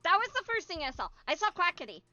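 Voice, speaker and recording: A woman's voice: very high voice, big pitch swings, fast, bright, forceful tone, muffled recording, faint music behind. A young woman streaming as a VTuber, talking in a giggly, rambling way and swearing often. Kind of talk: casual stream chat.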